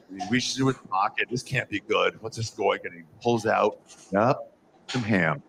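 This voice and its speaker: A young man doing a stand-up comedy set, telling a story with lively crowd work and swearing, recorded live on stage. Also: on the low side, normal speed, creaky, background noise.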